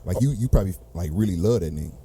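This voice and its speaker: A man co-hosting a casual podcast in a warm, mellow voice with a lively pitch. He talks easygoing and slangy. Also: racing, slightly rough. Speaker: podcast co-host. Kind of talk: casual chat.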